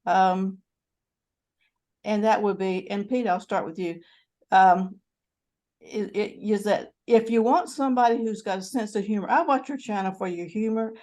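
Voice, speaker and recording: A woman's voice: mid-range voice, moderate pace, a little mellow. An older woman with a North Carolina Southern accent, hosting a casual video-call chat and rambling with lots of fillers and restarts. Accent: North Carolina Southern American. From North Carolina, USA. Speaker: channel host.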